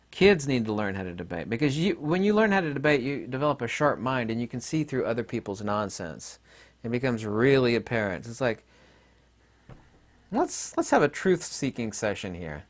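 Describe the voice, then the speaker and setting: A middle-aged man giving a blunt, combative monologue as an online commentator, with mocking asides. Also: lowish voice. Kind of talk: opinionated monologue.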